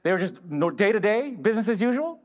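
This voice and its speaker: Animated high-voiced preacher man. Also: quick pace. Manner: animated, asks the congregation questions and answers them. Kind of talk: sermon. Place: church hall. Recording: reverberant church hall.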